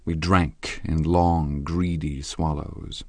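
A man narrating a literary audiobook in a measured, even reading. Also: a bass voice, no room sound.

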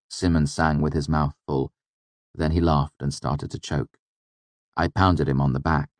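A man narrating an audiobook in a measured storytelling voice. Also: rumbling low, steady tone, dry recording. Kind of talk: scripted narration.

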